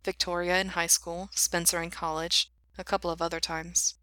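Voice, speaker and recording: A woman's voice: fairly low pitch, little pitch movement, normal speed, no room sound. A woman voicing a hesitant, anxious young man in a story she reads aloud. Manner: hesitant, quiet, flustered.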